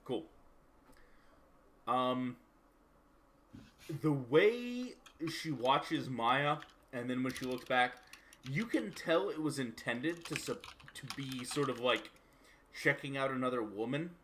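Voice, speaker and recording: A man narrates a tabletop role-playing game and rules on the dice, feeling his way through descriptions in a relaxed manner. His voice has a middling pitch, and a faint hiss of noise sits behind it. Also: slow, long pauses. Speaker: game master.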